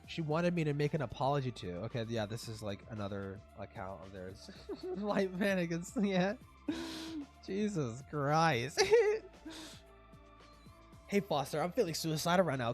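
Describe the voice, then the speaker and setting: A young adult streamer giving casual reaction commentary, laughing often and swearing a lot in an excitable way. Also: mid-range voice.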